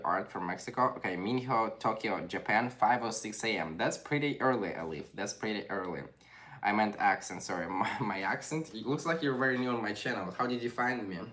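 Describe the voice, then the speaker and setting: A young man with a Ukrainian accent hosts a relaxed livestream, reading viewer greetings aloud. His voice sits low, and his phrasing is loose and non-native. He keeps up a steady stream of casual chat. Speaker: livestream host.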